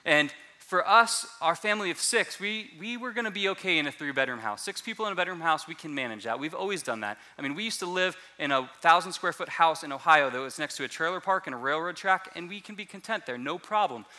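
A man preaching a sermon as a pastor, telling a personal testimony in an animated way and often repeating words as he restarts. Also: a little high, fast, hardly any pauses.

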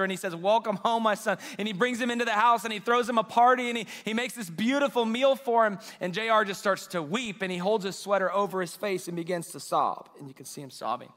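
Male pastor, higher voice, bright tone, emotional storyteller, church hall reverb with soft music. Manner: emotional storytelling, quoting dialogue. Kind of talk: sermon. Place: church auditorium.

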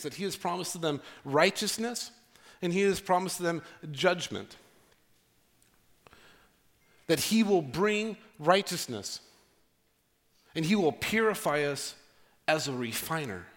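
A man preaching a sermon as pastor, earnest and conversational, with dramatic pauses. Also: sits high, fairly bright tone.

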